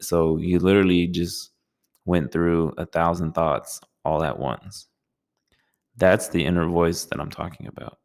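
A man giving a calm, measured talk on meditation, speaking in a slow and soothing way. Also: low voice, creaky. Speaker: meditation teacher.

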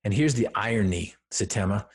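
A man's voice: fairly low pitch, lively intonation, fairly quick. A man, a podcast guest, telling a personal story in an earnest, emphatic way that builds to firm declarations. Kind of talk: personal story told in conversation.

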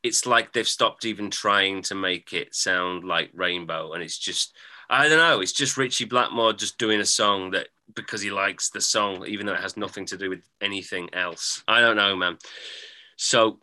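A man's voice: deep voice, moderate pace, bright, forceful tone. An English man with a mixed northern and southern accent, co-hosting a music podcast in casual chat, thoughtful and a bit hesitant, laughing easily. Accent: English, mix of northern and southern. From England. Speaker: podcast co-host.

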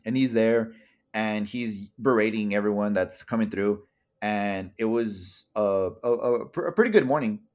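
A man's voice: lowish voice, moderate pace, darkish tone. A young man co-hosting a casual podcast chat, rambling and swearing often, with many stammered restarts. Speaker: podcast co-host.

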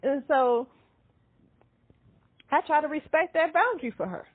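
A woman's voice: high voice, a little slow, no echo. Candid woman in her thirties, phone-like sound. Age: 30s. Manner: candid, animated storytelling, laughs often. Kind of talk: casual chat. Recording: dry, tinny phone-like sound.

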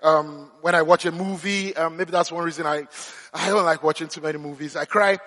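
A man's voice: a little high, fairly even intonation, a little fast, sharp tone, in a large hall. A man preaching a sermon, telling humorous, self-deprecating stories. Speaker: pastor.

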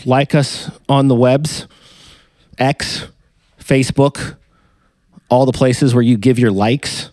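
A man's voice: mid-range voice, fairly even intonation, slow, long pauses, a little mellow, dry recording. Rambling male podcast host, dry sound. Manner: rambling, joking, hypes sponsors. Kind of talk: casual chat and sponsor reads.

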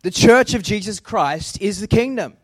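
Australian pastor preaching emphatically. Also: male voice, sits high, lively intonation, moderate pace, no room sound, studio quality. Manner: emphatic, building lists for effect. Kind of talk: sermon.

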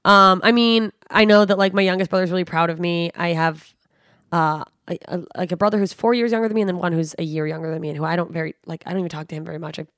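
A young woman with a lowish voice chats as a guest on a podcast, blunt and profane, swinging into lively storytelling. The sound is close and dry, with no room in it. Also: fast, no room sound. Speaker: comedian guest. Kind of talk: candid podcast chat.

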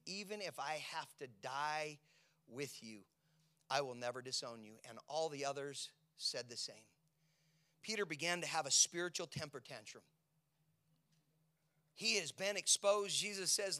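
A male pastor preaching a sermon, swinging from loud emphatic lines to low dramatic asides and acting out quoted speech for the congregation.

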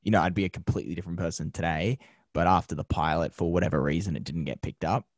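A man, a TV host and media founder, telling energetic stories in a casual interview, laughing often and using slang. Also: low-pitched, quick pace, no room sound, studio quality.

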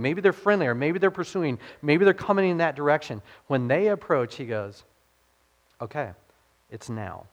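A man pastor giving a conversational sermon, posing rhetorical questions to the congregation and dropping his voice to quote scripture. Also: fairly high pitch.

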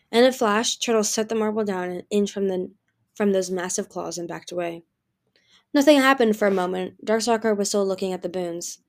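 A woman narrating a fantasy novel as an audiobook, steady storytelling with occasional restarts. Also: medium pitch.

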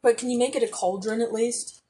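A woman's voice: on the high side, fairly even intonation, fairly quick, dark tone, a little hiss or hum. A woman co-hosting a podcast in casual chat, swearing freely and trailing off while she hunts for words. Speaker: podcast co-host.

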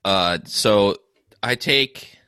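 A man's voice: on the low side, drawn-out words, sharp tone, clear, resonant tone, no room sound. A young man playing a tabletop game, playful and hesitant as he describes his moves. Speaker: player. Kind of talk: casual tabletop play.

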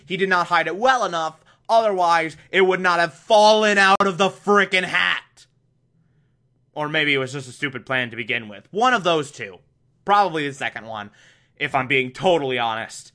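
A man's voice: fairly high pitch, expressive, normal speed, pushed and bright. A man giving a comedic recap of a cartoon episode, sarcastic and prone to exasperated rants. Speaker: show recap host.

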